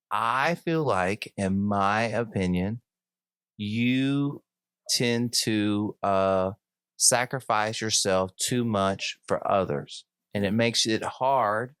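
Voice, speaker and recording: A man's voice: on the low side, a bit bright, clean tone, dry recording, clean studio sound. A man hosting a podcast and coaching his guest in a casual conversation, stopping and restarting with many fillers before he gets to his point. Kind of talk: casual conversation, giving advice.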